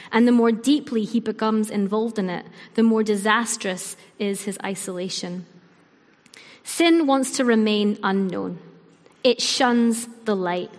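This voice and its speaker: A woman preaching a sermon in an earnest, measured way, with her line ends trailing off softly. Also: fairly high pitch. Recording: long hall reverb.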